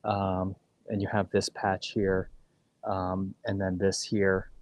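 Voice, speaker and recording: A man's voice: sits low, monotone, slow pace, no echo. A man co-hosting a golf livestream, casually chatting and explaining course details while playing outdoors.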